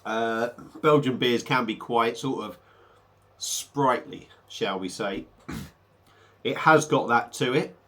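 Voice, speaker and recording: A man's voice: mid-range voice, slow pace, fairly bright tone. A man talking casually through a beer review, a little under the weather, rambling with hesitant fillers.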